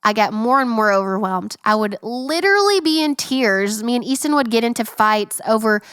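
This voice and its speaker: A young woman hosts a faith-based podcast in an earnest, emphatic way. Her voice sits fairly high and sounds smooth and clear. It is recorded dry and close, with no room sound. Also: expressive, fairly bright tone, no echo. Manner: earnest, heartfelt, quick and emphatic. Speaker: podcast host.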